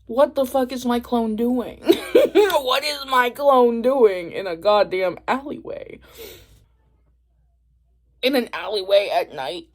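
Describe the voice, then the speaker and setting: A woman's voice: a little high, slightly rough. A young woman telling a story to camera in a casual, profane, laughing way. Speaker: vlogger.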